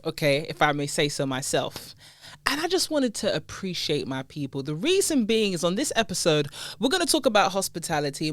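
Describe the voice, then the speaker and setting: Seated indoors at a podcast microphone, a UK podcast host with a lowish voice chats in a casual, playful manner. She laughs a lot and slips in slang, and the recording has no room sound.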